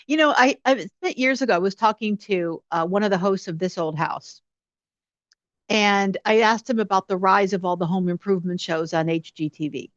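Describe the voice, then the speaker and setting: A woman journalist hosts a casual interview over a video call, her voice pitched in the middle range for a woman. She talks in animated bursts, speeding up when something excites her. The audio is dull and lo-fi, with no room sound at all. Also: dry recording. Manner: animated, quick bursts of enthusiasm. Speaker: journalist host.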